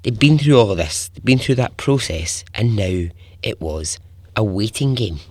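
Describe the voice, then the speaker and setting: A man's voice: on the low side, expressive, moderate pace, no echo. A man hosting a podcast, telling a story in a chatty, informal way, chuckling often and swearing casually. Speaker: podcast host.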